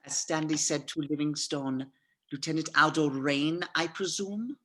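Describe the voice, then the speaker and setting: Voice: mid-range voice, steady tone, a little slow, bright, forceful tone. An actor playing a suave, menacing Nazi colonel who talks in a mocking, theatrical way, in an amateur script reading.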